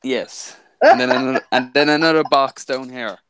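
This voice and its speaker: A man's voice: medium pitch, moderate pace, a bit bright, slight background noise. A man chatting casually and explaining at length about the figures he builds. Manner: rambling, explaining. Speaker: Lego figure maker. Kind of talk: casual chat.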